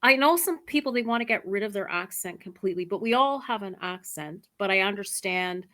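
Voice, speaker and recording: Bright-voiced chatty English teacher woman. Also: mid-range voice, expressive, brisk. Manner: chatty, laughs easily, many "like"s. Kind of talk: online English lesson conversation. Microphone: computer mic on a video call.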